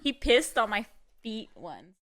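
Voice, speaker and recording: A woman's voice: on the high side, very animated, a little slow, crowd noise. A woman co-hosting a podcast in casual chat, chatty and profane, laughing as she tells her side.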